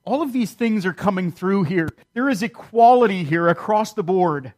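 A man's voice: high voice, expressive, normal speed, darkish tone. A man preaching a sermon, reading scripture and acting out quoted voices with sarcasm. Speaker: pastor.

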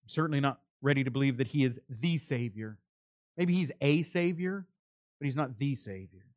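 A man's voice: medium pitch, lively intonation, normal speed, dry recording, clean studio sound. A male pastor preaching a sermon, earnest and pleading, building to emphatic calls.

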